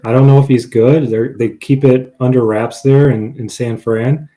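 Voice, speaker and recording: A man's voice: mid-range voice, fairly even intonation, moderate pace, dark tone. A man co-hosting a sports betting podcast, confidently running through stats and his picks with wry asides. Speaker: podcast co-host. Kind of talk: casual sports betting chat.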